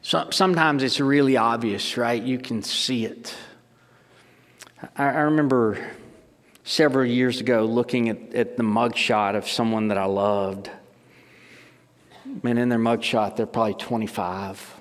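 A man's voice: mid-range voice, steady tone, a little slow, long pauses. A middle-aged man preaching a sermon in an ordinary mid-range voice. He talks emphatically, restarts his sentences and throws rhetorical questions at his listeners. His words echo with the long reverb of a large hall. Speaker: pastor.

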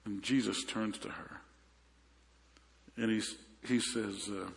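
A pastor delivers a sermon in a slow, creaky, fairly low voice with a steady tone and frequent pauses, and a long reverb tail follows his words. He tells stories conversationally, restarting his sentences again and again.

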